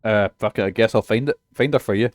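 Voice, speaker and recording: A man's voice: on the low side, fast talker, dry recording. Scottish male streamer: profane, jokey, rambling, dry close mic. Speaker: game streamer. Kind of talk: casual game commentary.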